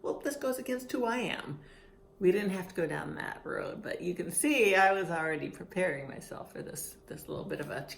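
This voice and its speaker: Woman with a gravelly voice telling a story. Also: low voice. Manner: chatty, laughing, many restarts and fillers. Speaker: patient telling her story. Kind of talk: casual storytelling vlog. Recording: echoey room with faint ambience.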